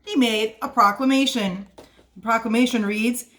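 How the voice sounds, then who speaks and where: With a high, unhurried voice, a woman reads a picture book to children for a library storytime. She's at home, and her delivery is playful and full of expression.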